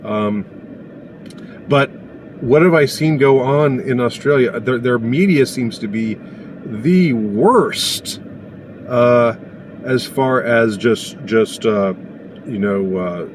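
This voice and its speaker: A man giving a casual opinion monologue, indignant and sarcastic, pausing often as he talks. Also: mid-range voice, noisy background. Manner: indignant and sarcastic, halting with many pauses. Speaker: commentator.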